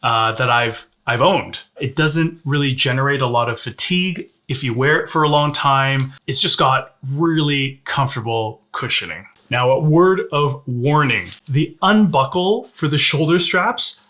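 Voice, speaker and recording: Bright-voiced man reviewing gear. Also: medium pitch, measured pace, few pauses. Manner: conversational, candid, demonstrating gear on camera. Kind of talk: casual product review.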